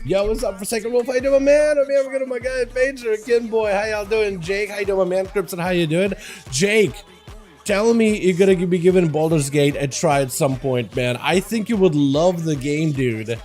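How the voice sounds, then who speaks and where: A young man with a high, darkish voice speaks at a moderate pace over soft background music. He hosts a casual gaming livestream from a desk mic in front of a green screen, rambling in slang and greeting chat members by name, tired and without coffee.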